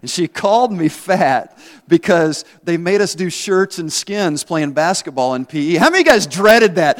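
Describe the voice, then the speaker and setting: A man's voice: sits high, animated, normal speed, a bit bright. Man preaching a chatty sermon, echoing hall. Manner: conversational, asks the congregation questions, self-deprecating humor. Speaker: pastor. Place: church. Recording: long reverb in a church hall.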